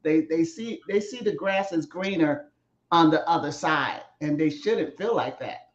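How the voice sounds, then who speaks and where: A woman's voice: sits low, a little slow, roomy sound, muffled recording. A woman in her fifties, a guest in a casual talk show, musing and laughing as she talks. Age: 50s. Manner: laughs while talking, musing and questioning.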